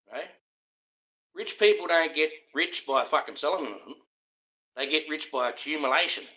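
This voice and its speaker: A man's voice: mid-range voice, pushed and bright, poor audio. An Australian man ranting on a live stream in a casual, profane, conspiratorial monologue, often breaking into laughter.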